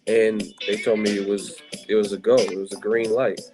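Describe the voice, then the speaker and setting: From a Las Vegas hotel room, with music running behind, a boxing channel host keeps up casual, tired banter with his live audience, rambling and swearing throughout. His voice is fairly low with little pitch movement, at a moderate pace.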